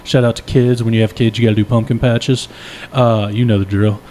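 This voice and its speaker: A man's voice: on the low side, brisk, a little hiss or hum. A young man co-hosting a podcast, telling a long, profane, rambling story in a casual, self-deprecating way and laughing often. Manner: animated, profane, rambling anecdote. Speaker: podcast co-host.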